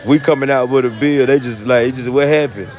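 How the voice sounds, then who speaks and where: Southern US man, live-stream host, loose rambling delivery, mid pitch, music playing clearly in the background. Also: steady tone, fairly quick, darkish tone. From United States. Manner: rambling, full of fillers and laughs. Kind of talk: casual live-stream talk.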